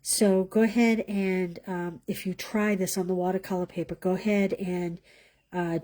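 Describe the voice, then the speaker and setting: A woman's voice: mid-range voice, normal speed, mellow. A woman leading a live card-making class, chatting as she demonstrates and thinking aloud, sometimes dropping to a whisper as she works.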